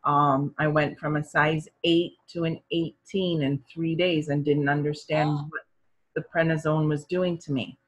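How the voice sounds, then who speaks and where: Husky and low-pitched, a middle-aged woman talks a little slowly on a rough recording about her own health. Her telling is conversational and animated, with acted-out voices for the doctors and parents she quotes.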